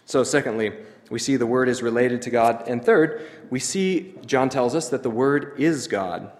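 A man delivers a teaching sermon at a middling pitch, measured and explanatory. He pauses to stress key phrases. A long hall reverb trails each line. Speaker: preacher.

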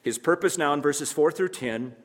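A man preaching an expository sermon as pastor, swinging between loud emphasis and hushed asides, repeating key phrases and asking rhetorical questions. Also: fairly high pitch, moderate pace. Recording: long hall reverb.

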